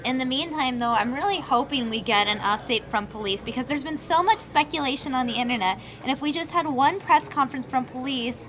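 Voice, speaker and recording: A woman's voice: high-pitched, brisk, few pauses, a crowd in the background. A woman anchoring live news coverage, chatting earnestly with her co-anchor. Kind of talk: studio news chat.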